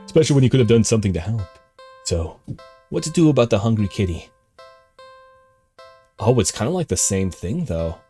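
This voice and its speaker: A male streamer with a lowish voice reads a text game aloud, reacting live as he jumps between calm narration and excited outbursts.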